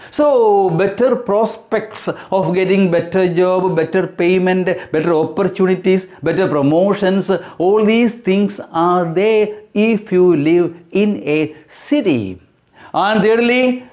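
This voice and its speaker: Guy with a pretty high voice doing an english exam prep lesson, lots of uh and i mean, slow careful explaining. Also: a little mellow. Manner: hesitant, many fillers and self-corrections; deliberate, instructive explaining. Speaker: English teacher.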